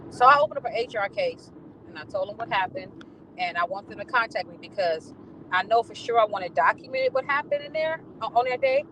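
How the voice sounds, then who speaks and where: Brief: lively woman vlogger telling a story with plenty of swearing, in a car with faint road noise behind. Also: medium pitch, fairly quick. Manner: animated, profane storytelling. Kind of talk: casual venting monologue. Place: in a car on the ride home.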